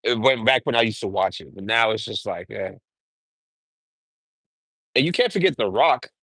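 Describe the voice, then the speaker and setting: A young man streaming from his garage, chatting casually and excitably in slang, often breaking into impressions and humming. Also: on the low side, moderate pace, breathy edge, dry recording.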